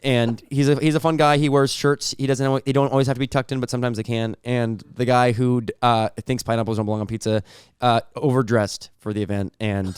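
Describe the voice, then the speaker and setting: A man's voice: mid-range voice, little pitch movement, brisk, clear, resonant tone, no room sound, studio quality. Man arguing in mock-serious debate. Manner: mock-serious arguing, stumbling repetitions, laughing at own jokes. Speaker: podcast co-host.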